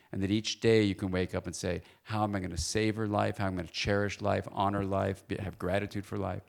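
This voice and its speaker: A man speaking as a guest lecturer at a church forum, lively and playful, often asking the audience questions. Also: fairly low pitch, vocal fry.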